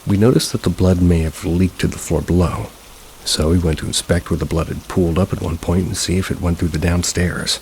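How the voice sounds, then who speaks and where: A man narrating a first-person paranormal story in a steady, low-key manner. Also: a little fast, a little hiss or hum, poor audio. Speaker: narrator of submitted paranormal stories.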